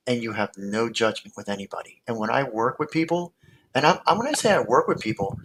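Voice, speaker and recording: A man's voice: medium pitch, fairly bright tone, a little hiss or hum, low-quality recording. Rambling male hypnotist on a video call. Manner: rambling, storytelling with many fillers and restarts. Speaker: hypnotist guest. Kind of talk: casual conversational explanation.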